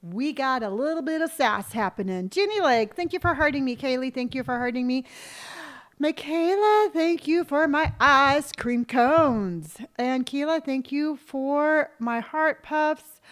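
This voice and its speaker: A woman streamer with a bright, high voice chats slowly and unhurriedly through her live game stream. She is playful and sing-song, and she gushes thanks to each viewer by name. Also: expressive. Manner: effusive, thanking viewers one by one. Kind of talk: casual live-stream chat while gaming.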